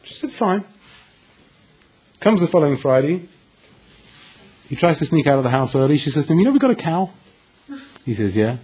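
A man delivers a Torah lecture as a story, acting out both sides of the dialogue and pausing for effect. His voice sits a little high and swings widely in pitch, with a husky grain throughout. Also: low-quality recording. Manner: animated storyteller acting out dialogue with dramatic pauses. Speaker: Torah teacher.

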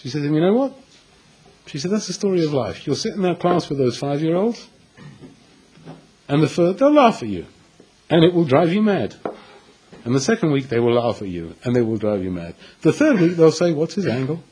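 A man giving a storytelling Torah lecture, animated and acting out the dialogue with dramatic pauses. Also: a little high, slightly rough, poor audio. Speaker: Torah teacher.

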